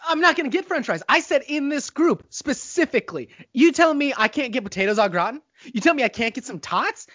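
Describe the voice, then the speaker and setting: A young man holding his ground in a casual podcast argument, blunt and stubborn, with a lively, fairly high voice. The recording is dry and a bit dull. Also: brisk, no echo. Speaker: co-host.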